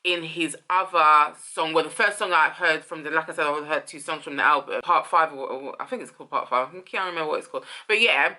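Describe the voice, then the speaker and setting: A woman's voice: deep voice, a little fast, few pauses, pushed and bright. A woman hosting a casual song commentary, thinking aloud, rephrasing and trailing off as she muses. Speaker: host.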